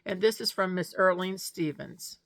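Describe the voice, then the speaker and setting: Gravelly-voiced woman, gushing vlog chat. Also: on the low side, normal speed, fairly bright tone, no echo, clean studio sound. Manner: gushing, chatty, laughs often. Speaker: vlogger showing mail and gifts. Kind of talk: casual chat to camera.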